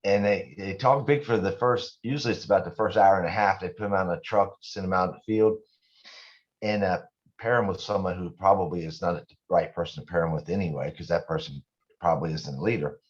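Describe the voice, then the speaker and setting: A man's voice: sits low, steady tone, fairly quick, dull audio. A man speaking as a guest in a casual interview, candid and rambling, often poking fun at himself. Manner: candid, rambling, self-deprecating. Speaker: guest business owner.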